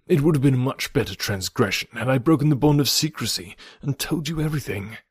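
A man reading the part of an impulsive, charming young gentleman in a storybook, earnest and effusive. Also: mid-range voice, lively intonation, quick pace, breathy edge, no room sound, studio quality, voice pushed up. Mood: rueful.

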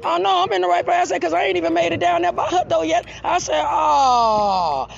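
A woman's voice: very high-pitched, little pitch movement, racing, creaky. A woman telling a story in a casual way, blunt and profane, laughing often. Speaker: storyteller addressing an audience. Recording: dull lo-fi recording.

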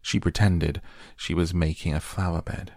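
A man narrating a classic novel as a soft, slow, hushed bedtime story reading. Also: deep voice, steady tone, dry recording, clean studio sound. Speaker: audiobook narrator.

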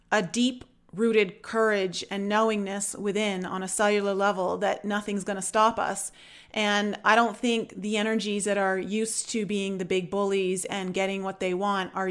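A woman's voice: medium pitch, clear, resonant tone. A woman hosting a spiritual podcast in casual conversation, emphatic and earnest when she agrees. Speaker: podcast host.

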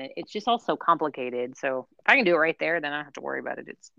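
A woman's voice: sits low, very fast, vocal fry, hardly any pauses, a bit bright, no room sound, lo-fi sound. A woman on a podcast panel, chatting casually and explaining things as she thinks aloud.

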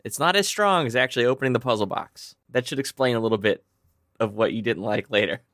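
Guy cracking short jokes in a movie chat, mid pitch, dry sound. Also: fast, a bit bright, dry recording. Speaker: podcast co-host. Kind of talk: casual movie review chat.

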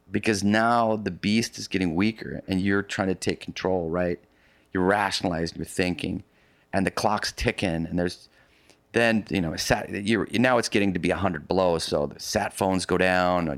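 A man with a very low voice tells a long story as an interview guest. His talk is loose and rambling, full of restarts and side remarks. The sound is close and dry, with no room echo. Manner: rambling, with frequent restarts and vivid asides. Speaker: interview guest recounting a polar expedition. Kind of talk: casual storytelling in conversation.

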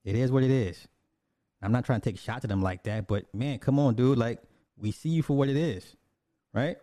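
In a dark, mellow mid-range voice at a moderate pace, a man rants through casual commentary, swearing bluntly, repeating himself, and starting lines over. It's a close, dry recording with no room sound.

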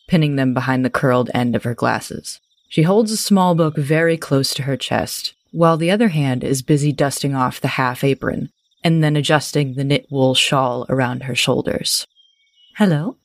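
A woman's voice: low voice, dry recording. A woman running a tabletop game, narrating scenes in detailed, cinematic description. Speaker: game master.

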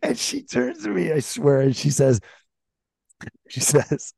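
A man's voice: a little high, big pitch swings, measured pace, gravelly, long pauses, mellow, slightly rough, dry recording. A man on a podcast casually telling a rambling anecdote, restarting his sentences and chuckling as he goes. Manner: rambling, self-interrupting storyteller who chuckles often.

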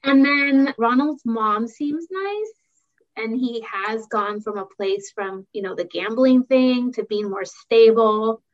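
A woman's voice: fairly high pitch, slow pace. Easygoing woman on a dull lo-fi mic. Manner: easygoing, hesitant, laughs often. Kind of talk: casual chat reviewing a reality show.

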